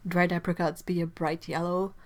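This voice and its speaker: A woman's voice: on the low side, flat delivery, moderate pace. Chatty woman streaming from her studio. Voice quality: chatty, giggly, trails off into soft asides. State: stuffy nose. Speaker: livestream host. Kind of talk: casual livestream chat reading viewer comments. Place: home art studio.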